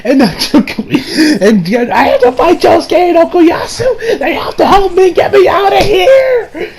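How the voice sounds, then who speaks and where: Koichi, a man doing a frantic shouting teen boy. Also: expressive, a little slow, full character voice. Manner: high strained shouting with laughter breaking in. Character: panicked teenage boy hero in a frantic rush.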